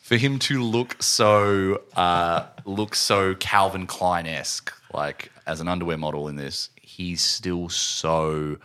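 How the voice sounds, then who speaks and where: Deep guy on a movie podcast, laughs a lot, punchy bright voice. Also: slow pace, few pauses, a little hiss or hum. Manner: animated, laughing often. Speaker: podcast co-host. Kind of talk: casual film discussion.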